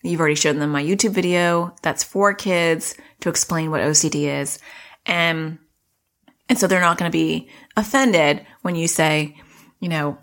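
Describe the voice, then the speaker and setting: A woman's voice: fairly low pitch, moderate pace. A middle-aged woman hosting a parenting podcast, explaining things in a chatty way and acting out what kids say. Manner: warm explaining, acts out child voices. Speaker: podcast host, parenting coach. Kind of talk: casual podcast teaching.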